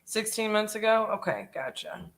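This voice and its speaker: A woman's voice: mid-range voice, lively intonation, normal speed. A woman with a Southern US accent leading a live sales call as host, friendly and affirming, mirroring the caller. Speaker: real estate investor, host.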